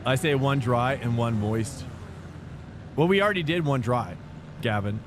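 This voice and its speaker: A man's voice: medium pitch, a little slow, background noise. A man streaming sim racing, chatting loosely and rambling as he talks to his viewers. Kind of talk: casual live-stream chat. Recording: streamed over music. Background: background music.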